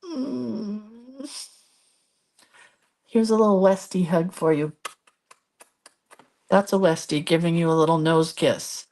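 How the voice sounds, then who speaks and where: A woman's voice: fairly low pitch, normal speed, pauses often, a little mellow. Chatty woman hosting a live craft stream. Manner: chatty, rambling, reads viewer comments aloud. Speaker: craft video host. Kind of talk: casual live crafting chat.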